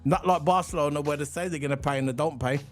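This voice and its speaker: Man, livestream co-host, chatty, rambling, fairly high voice, faint background music. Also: fast. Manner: chatty, hyping the chat, rambling with restarts. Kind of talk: casual livestream chat.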